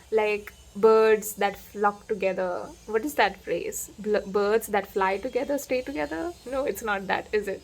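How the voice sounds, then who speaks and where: A woman giving a casual tarot reading to camera, chatty and playful, laughing often and acting out little quotes. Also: on the high side. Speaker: tarot reader.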